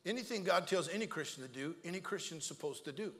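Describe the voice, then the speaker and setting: In a church sanctuary with a big-room sound, a male pastor delivers a comic sermon full of stories to his congregation. His voice is a little high and fast, and he's energetic and jokey, repeating himself and acting out voices.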